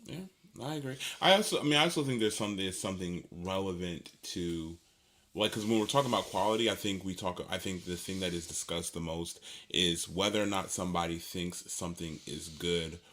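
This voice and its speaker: Low bright-toned man, rambling chat. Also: a little fast, slight background noise. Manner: rambling, many fillers and restarts; laughs easily. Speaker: podcast co-host. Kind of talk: casual conversation.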